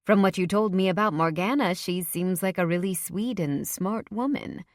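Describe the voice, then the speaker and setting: A woman narrator voicing a warm, caring middle-aged mother who asks eager questions, in a dry, close recording. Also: lowish voice, moderate pace, dry recording, lightly acted. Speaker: audiobook narrator. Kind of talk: audiobook character voice.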